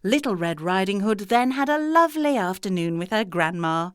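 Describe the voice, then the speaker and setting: A woman narrating a children's storybook in an expressive, sing-song way. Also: mid-range voice, moderate pace, clean tone, no echo, clean studio sound.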